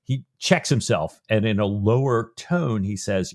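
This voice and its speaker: A man's voice: on the low side, animated, normal speed, few pauses, a little mellow. A man co-hosting a book podcast, talking conversationally and acting out his own reactions to the story. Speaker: podcast co-host. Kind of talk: book-discussion podcast chat.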